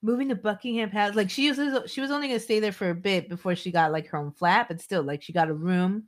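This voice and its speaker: A woman's voice: mid-range voice, quick pace. A woman co-hosting a true-crime podcast, reading her notes with chatty asides. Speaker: podcast co-host narrating a case.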